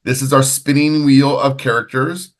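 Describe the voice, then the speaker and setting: A man hosting a podcast, trading casual banter and telling stories in a loud, profane way, laughing often. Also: mid-range voice, steady tone, normal speed. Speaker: podcast host.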